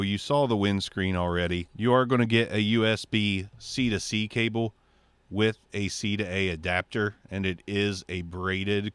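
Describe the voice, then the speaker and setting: Low-voiced guy reviewing a mic in his home studio, joking around, dry close sound. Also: smooth, no room sound. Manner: joking, thinking aloud as he tests. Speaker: microphone reviewer. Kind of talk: casual gear review. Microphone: testing a handheld wireless mic.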